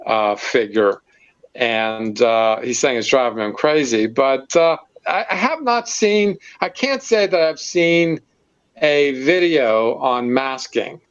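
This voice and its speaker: A man hosting a casual online hobby hangout, talking in halting bursts full of fillers and easy laughter. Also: mid-range voice, clean tone, muffled recording. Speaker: host of a modeling hangout. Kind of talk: casual video-call chat. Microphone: video call.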